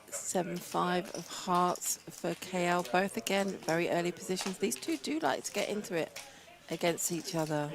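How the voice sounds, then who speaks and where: A British woman with a lowish voice gives live poker commentary from a casino booth. She is chatty and laughs easily. A steady crowd murmur sits behind her headset mic. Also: vocal fry.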